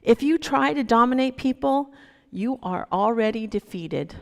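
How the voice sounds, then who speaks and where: Lady minister slow and unhurried, gravelly voice, long reverb like a big church. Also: fairly high pitch, animated. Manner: unhurried, gentle storytelling. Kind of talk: sermon storytelling. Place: church sanctuary.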